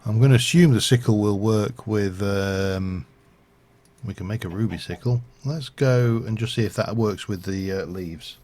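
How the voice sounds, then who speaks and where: A man's voice: fairly low pitch, normal speed, a little mellow, slight background noise. A man streaming a game, rambling and thinking aloud with lots of fillers as he plays. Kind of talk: casual gameplay commentary.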